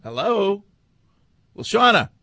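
A man's voice: high voice, very animated, slow, vocal fry, pushed and bright, no room sound. A man hosting a sports talk radio show, upbeat and keeping the calls moving. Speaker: radio host taking calls.

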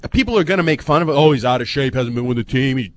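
A man's voice: mid-range voice, animated, racing. A man co-hosting a sports talk radio show, giving blunt, joking opinions.

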